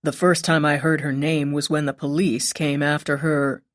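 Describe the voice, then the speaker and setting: A woman's voice: sits low, level tone, normal speed, no room sound, studio quality, natural voice. A woman reading an audiobook and voicing a polite but unhelpful male neighbor who answers curtly. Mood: apologetic. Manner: curt, apologetic.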